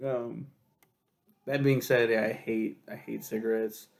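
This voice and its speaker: A man's voice: mid-range voice, level tone, unhurried, vocal fry. A young man telling a rambling, profane story in a casual vlog, laughing often. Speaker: book reviewer.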